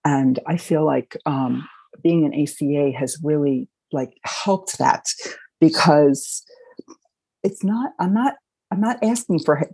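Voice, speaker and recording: A middle-aged woman sharing her recovery story, speaking in an emotional, halting and reflective way. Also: deep voice, vocal fry, warm tone, breathy edge, dry recording, poor audio. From Baltimore, Maryland. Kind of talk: personal sharing.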